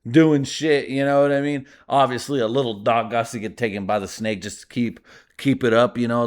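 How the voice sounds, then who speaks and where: A man from the US with Spanish as his first language, hosting a podcast from his garage in a rambling, profane, laughing monologue. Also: fairly low pitch. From United States. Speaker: podcast host. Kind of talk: casual comedic monologue. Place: home garage.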